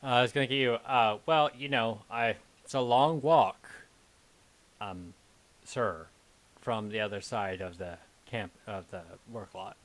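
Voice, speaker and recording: A man narrating as game master of a tabletop game, relaxed and halting with fillers. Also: lowish voice.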